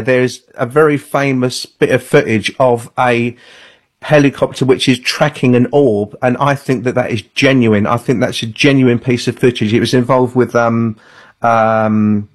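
A man, an author guesting on a call-in radio show, telling stories in an earnest, anecdotal way. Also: mid-range voice.

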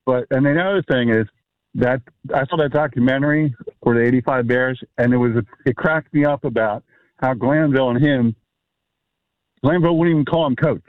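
A man calls in and tells a rambling story, full of fillers and restarts. His voice comes through a tinny phone line. The sound is dry, with a middle pitch. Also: moderate pace, dry recording. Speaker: caller or guest telling a story. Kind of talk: casual storytelling.

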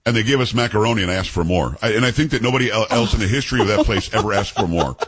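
A man hosting a casual radio talk show, telling animated stories and mimicking other people's voices. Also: on the low side, racing, breathy edge.

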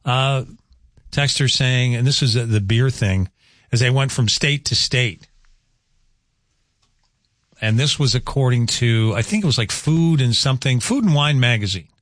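A man's voice: medium pitch, a little slow, pauses often, a bit bright, no room sound, studio quality. A man hosting a morning radio show, talking casually with lots of fillers and offhand jokes. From North Dakota. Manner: chatty, rambling, jokey with filler words. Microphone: studio microphone.

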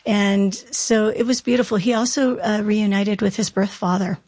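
A woman speaks in an earnest, reflective way as an interview guest giving personal testimony. Her voice sits at an ordinary pitch and sounds dry and close, with little room around it. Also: fairly even intonation, moderate pace, a little mellow, no room sound.

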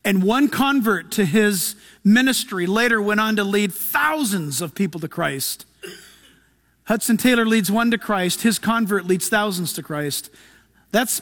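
A man with a high, light voice preaches to his congregation. He swings from loud, urgent appeals down to hushed, almost whispered asides. He acts out quick quoted lines as he tells his stories. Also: expressive. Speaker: pastor. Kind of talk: sermon.

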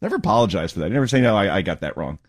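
A man hosting a political talk show, sarcastic and mocking, with quick asides. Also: deep voice, very animated. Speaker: radio talk show host. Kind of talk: opinionated political commentary.

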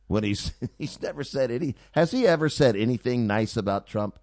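A man's voice: mid-range voice, moderate pace, dry recording. A male radio talk show host delivering an opinionated, sarcastic monologue on a studio mic. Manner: sarcastic, mocking, animated.

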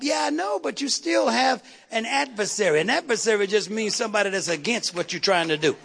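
A man's voice: very high-pitched, expressive, brisk, gravelly, hardly any pauses, a bit bright. A man preaching a fiery sermon, calling out to the congregation and repeating words for emphasis.

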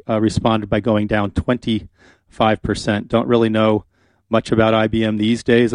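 A man's voice: lowish voice, a little mellow, no echo, clean studio sound. A man hosting a radio talk show, talking casually and chattily with frequent fillers. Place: radio studio. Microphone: studio microphone.

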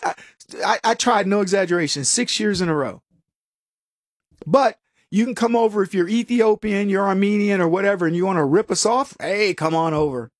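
Hosting a political talk show, a man whose voice sits high delivers a loose, sarcastic monologue, frequently restarting and laughing at his own jokes. The energy is animated, and the recording is dry and studio quality.

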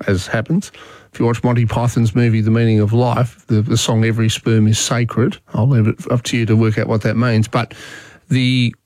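A man's voice: on the low side, darkish tone, no room sound. A man hosting a talkback radio show, taking callers and talking with frequent restarts. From Australia. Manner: halting, many restarts.

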